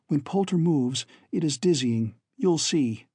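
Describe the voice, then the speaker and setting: A man's voice: on the high side, expressive, unhurried, darkish tone, slightly rough, no echo, clean studio sound. A man reading an audiobook, voicing a slim little young woman who is tense and frightened and pleads urgently. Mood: anxious. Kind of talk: audiobook character voice.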